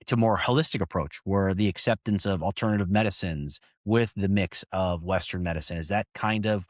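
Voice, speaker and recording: A man's voice: deep voice, brisk, no echo, studio quality. A man hosting a podcast interview, asking long, meandering questions in a casual tone. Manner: conversational, rambling questions with fillers. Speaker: podcast host.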